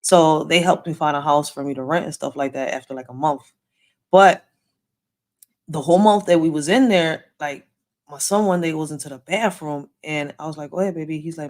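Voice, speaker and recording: A woman's voice: low voice, brisk. A woman, casually telling a story with slang and swearing. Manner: animated, swearing, street slang. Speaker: host.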